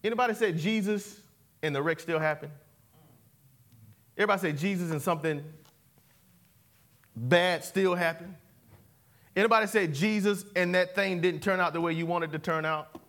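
A man's voice: sits high, normal speed, pauses often, a bit bright. A man preaching a sermon, calling for responses and repeating key words. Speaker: pastor. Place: church sanctuary.

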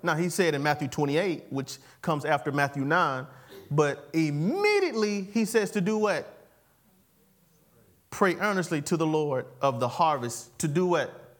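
A male pastor preaching a sermon, playful and animated, constantly calling the congregation to answer "amen". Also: fairly high pitch, unhurried. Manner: animated, playful, calls for amens. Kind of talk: sermon with call and response.

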